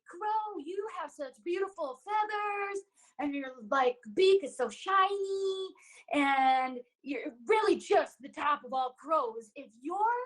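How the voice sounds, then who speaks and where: A woman voicing a hungry, scheming male fox who gushes flattery in a chatty way. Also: high-pitched, exaggerated voice, low-quality recording.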